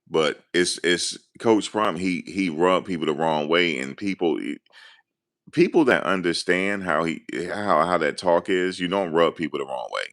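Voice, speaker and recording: Deep-voiced New man, casual rambling fan commentary, excitable. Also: measured pace. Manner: excited, rambling, animated storytelling. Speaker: sports commentator.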